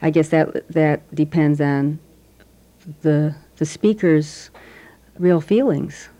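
A woman interviewer with a very low, dark and mellow voice. She asks thoughtful follow-up questions in a conversational way and presses for a clear answer. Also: slow pace.

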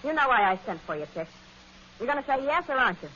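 An actress playing a sharp-tongued nightclub performer wife in 1940s radio acting. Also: female voice, high-pitched, very animated, quick pace, slight background noise, full character voice. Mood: scolding. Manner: sassy, scolding. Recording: lo-fi old radio broadcast.

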